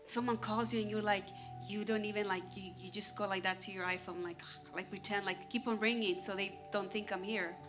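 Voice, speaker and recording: A woman pastor giving an animated sermon, acting out everyday scenes and talking straight to the congregation. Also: mid-range voice, a little fast, hardly any pauses, over music. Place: church stage.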